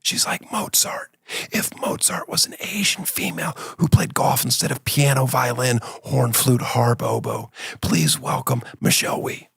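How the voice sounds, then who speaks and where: A man voicing a hushed male golf commentator in a whispered role-play. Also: medium pitch, a little slow, gravelly, breathy edge, no echo, clean studio sound, full character voice. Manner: hushed, solemn introduction.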